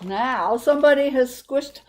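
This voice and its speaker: A woman voicing an indignant father in a picture book read-aloud, speaking loudly and emphatically. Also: sits high, measured pace, slight background noise, pitched above the performer's own voice. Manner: loud, emphatic.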